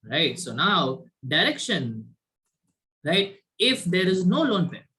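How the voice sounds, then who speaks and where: Bright-voiced male chemistry teacher online. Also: high voice, very animated, takes it slowly. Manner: quizzes students, frequent "right?" tag questions. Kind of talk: online class lecture. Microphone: video call.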